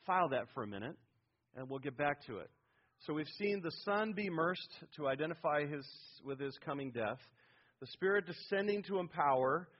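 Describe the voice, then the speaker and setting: A middle-aged man delivers an expository sermon, pushing hard on key words and quizzing his listeners. His voice sits a little high and sounds husky. The recording is dull and lo-fi, like an old radio broadcast. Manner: emphatic, rising loud on key words, asks the congregation questions. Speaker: pastor.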